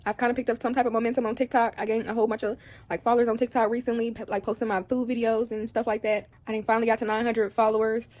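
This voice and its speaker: Speaking very fast in a level, slightly mellow voice on the high side, a young adult vlogger confides in her viewers from home. She cries intermittently and rambles, addressing the camera directly; the recording is dry.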